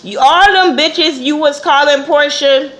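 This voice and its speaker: A woman's voice: high-pitched, a little slow, a bit bright. A woman reviewing a TV episode in a casual vlog, talking bluntly with lots of swearing. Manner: blunt and profane, acts out quotes.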